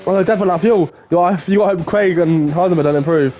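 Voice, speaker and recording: Male race caller, high-pitched, excitable, shifts from quiet asides to big outbursts, faint hiss. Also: quick pace. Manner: excitable, swings from low murmurs to loud shouts. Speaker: race commentator. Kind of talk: live sim racing qualifying commentary.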